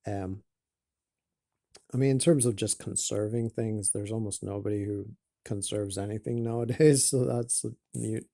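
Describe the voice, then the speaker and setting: A man talking casually at home in an attempted Scottish accent, rambling and halting, with many fillers, restarts and casual swearing. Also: fairly low pitch, fairly even intonation, gravelly, mellow, dry recording, clean studio sound. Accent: put-on Scottish. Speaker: vlogger.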